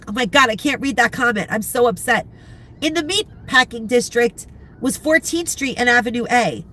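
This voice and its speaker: A middle-aged woman with a stuffed-up, congested voice chats loosely from inside a parked car. She rambles and trails off while hunting for half-remembered names. Her pitch sits in a comfortable middle range, and faint background noise hums behind her. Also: fairly bright tone. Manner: rambling, chatty, searching for names, frequent laughs. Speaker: vlogger chatting with live viewers. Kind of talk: casual chat.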